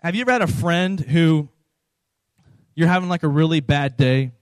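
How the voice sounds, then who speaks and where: Man preaching, casual sermon, fairly high voice, dry close sound. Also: normal speed, dry recording, poor audio. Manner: conversational, repeats phrases for emphasis. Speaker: pastor.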